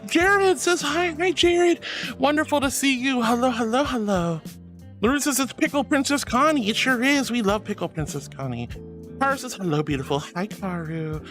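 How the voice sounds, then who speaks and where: A woman's voice: fairly high pitch, lively intonation, normal speed, faint music behind. A woman streaming casually, greeting her chat in a bubbly, affectionate, giggly way. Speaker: VTuber streamer.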